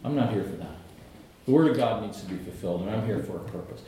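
A preacher doing a calm, patient teacher. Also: male voice, fairly low pitch, quick pace, a little hiss or hum, voice pushed down. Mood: firm. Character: patient, gentle male teacher. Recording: echoey church hall.

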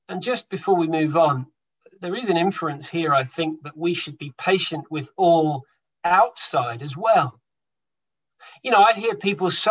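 Through dull audio, a man with a slightly high voice delivers a sermon to his congregation. His preaching is emphatic, and he stresses points by getting louder and then quieter.

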